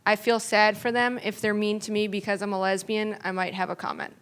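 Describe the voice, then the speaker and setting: A woman's voice: mid-range voice, level tone, brisk, fairly bright tone, clean tone. A woman on a panel speaking frankly and giving advice. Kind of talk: panel discussion.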